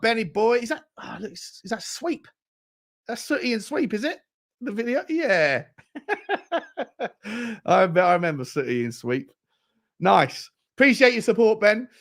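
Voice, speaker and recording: The host of a football fan channel chats casually through a live watchalong in a high-pitched, creaky, slightly bright voice. Between reading out viewer comments, he puts questions to the people watching.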